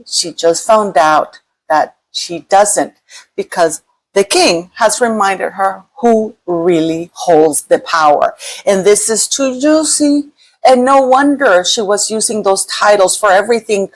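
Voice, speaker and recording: A woman giving casual, animated gossip commentary as a YouTube host, sometimes mimicking others in a mocking tone. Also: mid-range voice, measured pace, poor audio. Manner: animated, mocking quoted voices.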